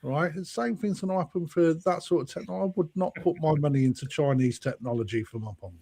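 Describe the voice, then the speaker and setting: A man's voice: fairly high pitch, quick pace, vocal fry, dark tone, breathy edge. Blunt sweary English man. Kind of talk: casual live chat.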